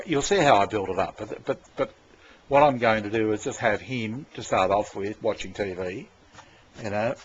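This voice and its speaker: Rambling man, swearing freely. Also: lowish voice. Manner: rambling, swears freely, many fillers and restarts. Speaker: vlogger giving creative direction. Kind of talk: rambling casual monologue. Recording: dull lo-fi sound with faint room noise.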